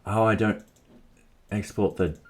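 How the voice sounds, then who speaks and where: Aussie guy with a low voice streaming code, muttering through steps, keys clacking behind. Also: steady tone, unhurried. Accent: Australian. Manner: thinks aloud, chatty and self-deprecating, reads chat. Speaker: live-coding streamer. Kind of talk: casual live-coding chat.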